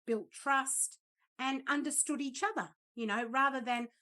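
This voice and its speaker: Bubbly woman with a high voice. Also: unhurried, sharp tone. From Australia, Northern Territory. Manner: bubbly, laughs often, says mate. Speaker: co-host. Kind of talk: casual chat.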